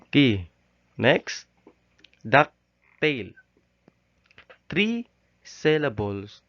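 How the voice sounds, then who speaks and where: A male teacher giving a recorded lesson, halting often with "okay" and "so". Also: medium pitch, expressive. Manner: slow, halting delivery with frequent "okay" and "so". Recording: dull, lo-fi recording.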